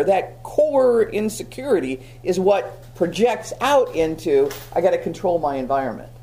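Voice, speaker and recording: Low mellow-voiced woman preaching. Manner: many restarts, stammering repeats. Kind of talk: sermon.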